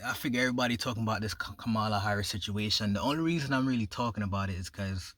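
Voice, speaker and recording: A man's voice: on the low side, racing, a bit bright, no echo, studio quality. A young man from Jamaica, raised partly in New York, talking casually to camera. He has a Jamaican accent and slips into patois. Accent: Jamaican, some patois. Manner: loose and conversational, drops into patois with "you see me?" tags. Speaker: vlogger.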